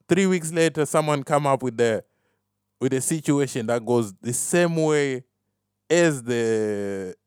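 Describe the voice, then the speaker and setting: Medium in pitch and darkish in tone, this podcast host talks on his own with no room sound and clean studio audio. He rambles, pokes fun at himself, laughs at his own jokes, and drops "fam" here and there.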